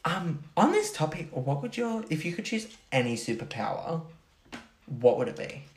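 A man's voice: on the high side, big pitch swings, moderate pace. A young man co-hosting a podcast in casual chat, joking and swearing freely. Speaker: podcast co-host. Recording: roomy echo.

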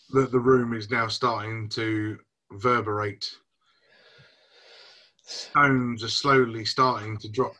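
A man narrates as game master for his players, his voice bright and forward. He talks in a casual, unpolished way, with fillers and restarts. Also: lowish voice.

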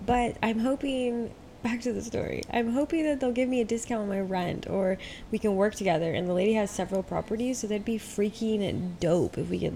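A woman hosting a podcast in relaxed, rambling casual chat, a bit tired and high, full of fillers. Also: vocal fry, slight background noise. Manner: laid-back, rambling, many fillers. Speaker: podcast host.

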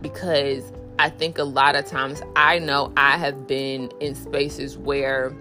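A woman hosting a podcast, talking candidly about faith with many fillers, restarts and acted-out voices. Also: pushed and bright. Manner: acts out inner voices with raised pitch. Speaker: podcast host. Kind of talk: casual faith talk.

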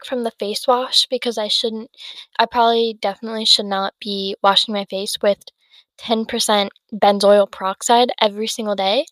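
A woman's voice: mid-range voice, fairly bright tone, dry recording. An eighteen-year-old woman chatting on her solo podcast, rambling with many fillers and sounding tired and yawny. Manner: rambling, lots of fillers and self-interruptions. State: tired, yawning. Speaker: podcast host. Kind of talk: casual solo podcast chat.

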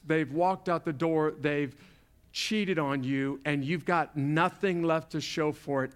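A man's voice: on the high side, fairly bright tone. A man preaching a sermon, acting out scripture quotes with feeling before speaking to the congregation. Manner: dramatic, acts out the Bible quotes. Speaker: pastor.

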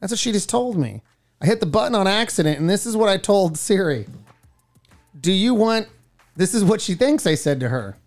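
A woman's voice: mid-range voice, expressive, darkish tone. Woman, radio co-host, playful, teasing, casual banter, faint music behind. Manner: playful, teasing, quick jokes.

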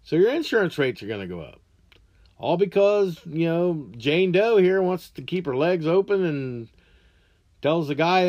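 A man's voice: fairly high pitch, lively intonation, unhurried, highs cut off. A man hosting a podcast, ranting crudely and angrily with heavy swearing. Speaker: podcast host. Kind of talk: profane rant monologue.

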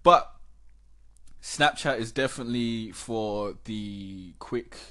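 A man hosting a casual podcast, talking in an animated, chatty way and laughing often. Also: lowish voice, slow pace. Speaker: podcast host.

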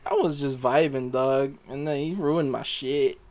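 A young man in a casual chat, retelling events in an animated, profane way with high exasperated outbursts. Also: measured pace. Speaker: podcast co-host.

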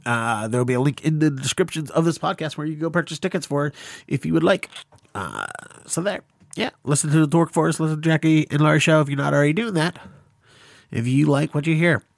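A man's voice: a little high, fast, vocal fry, no echo, studio quality. Self-conscious, rambling male podcast host. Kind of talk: casual interview chat.

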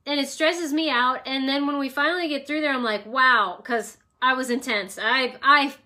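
A woman hosts an emotional wellness session from her home, talking through ideas in a loose, reflective way and weaving in personal stories. Her voice sits a little high and sounds bright and forward. The delivery is conversational and wandering rather than scripted. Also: normal speed. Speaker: host of an emotional wellness talk. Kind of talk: casual spoken teaching with personal stories. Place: at home with her dog nearby.

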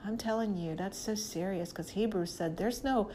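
Speaking at a normal pace with a warm, mid-range voice over a slight hiss or hum, a woman preacher gives loose, conversational Bible teaching. She addresses her listeners head-on and hammers her points, stressing whatever she repeats.

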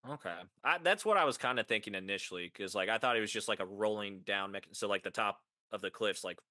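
A man co-hosts a relaxed, comedic podcast in a low voice with a bright, forceful edge. He goes along with the jokes through brief, dry reactions. The sound is close and dry, without room echo. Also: fast talker. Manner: easygoing, plays along with short dry reactions. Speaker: podcast co-host. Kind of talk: casual comedic chat.

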